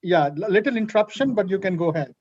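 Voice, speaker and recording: A man's voice: sits high, lively intonation, fast, a little mellow, breathy edge. Male moderator, formal and courteous, on a muffled video call. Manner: polite and formal. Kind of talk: moderating an online debate. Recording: dull lo-fi call audio.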